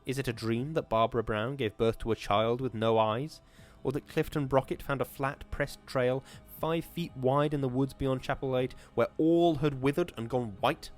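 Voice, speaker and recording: A man's voice: medium pitch, normal speed, faint music behind, close to an everyday voice. A man voicing an elderly widow who urgently warns of evil omens, frightened and earnest.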